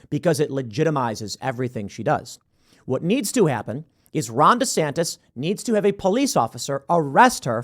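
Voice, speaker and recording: A male host delivering political commentary in a fairly high voice that swings widely in pitch. He speaks emphatically, jabbing in sarcastic asides.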